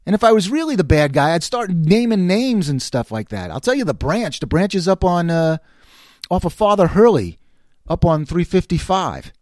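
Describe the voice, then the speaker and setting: A middle-aged man from New York talks straight to the camera in a loose, ranting monologue. His voice sits a bit high and swings widely as he acts out each person's lines. The sound is close and dry, with no room around it. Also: normal speed, dry recording. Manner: animated storytelling, acting out other people's lines; exasperated ranting. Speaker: vlogger. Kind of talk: casual monologue.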